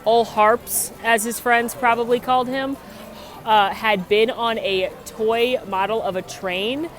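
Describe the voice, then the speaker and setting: A woman's voice: on the high side, fairly even intonation, slow, faint music behind. A young woman hosting a chatty, upbeat theme park tour vlog outdoors, full of trivia. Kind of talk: casual walking tour vlog.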